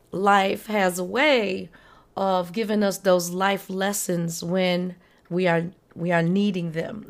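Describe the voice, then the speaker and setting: Upbeat woman hosting a motivational talk show, chatty and easygoing. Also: fairly low pitch. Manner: upbeat, conversational, acts out quoted friends. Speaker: podcast host.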